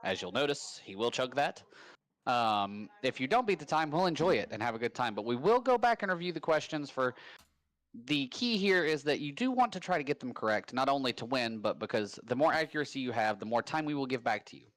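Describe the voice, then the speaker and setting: A man hosting a casual live-stream trivia game, rambling and upbeat with quick bursts of hype. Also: mid-range voice, sing-song, fairly bright tone, no room sound. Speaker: trivia host. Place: home.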